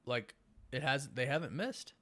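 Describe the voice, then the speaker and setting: Young male host of a late-night live stream; tired, yawning, halting and rambling but upbeat. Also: mid-range voice, animated. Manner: rambling, halting with many fillers and restarts; enthusiastic, warmly thanks viewers. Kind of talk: casual live-stream chat.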